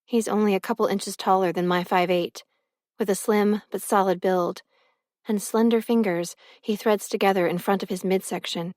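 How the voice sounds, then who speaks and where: A woman reading a first-person novel as an audiobook narrator, expressive and close to the mic. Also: medium pitch, moderate pace, dry recording.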